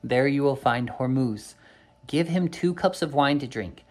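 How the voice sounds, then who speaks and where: A man's voice: medium pitch, measured pace, darkish tone, close to an everyday voice. A man voicing a giant bird with a thunderous voice in a storybook reading, commanding and solemn.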